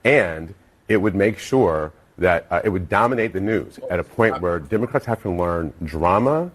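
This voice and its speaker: A man on a political talk show panel, explaining his view in a measured way. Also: low voice, lively intonation.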